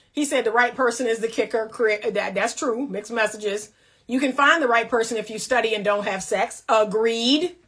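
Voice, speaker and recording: A woman's voice: fairly high pitch, fairly bright tone, husky. A woman relationship coach giving blunt, emphatic faith-based commentary in a casual talk.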